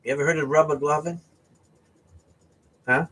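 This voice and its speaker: A man from the US East Coast telling a casual fishing story, animated and often checking in with "right?". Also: on the high side, normal speed. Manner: animated, keeps asking "right?". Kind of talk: casual anecdote.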